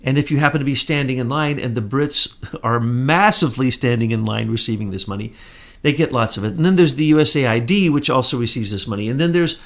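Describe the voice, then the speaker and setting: Male host, mid-pitched voice, animated and emphatic, casual rambling commentary straight to the audience. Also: fast. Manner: emphatic, animated, with rambling asides and direct address to viewers. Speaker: host of an online commentary show.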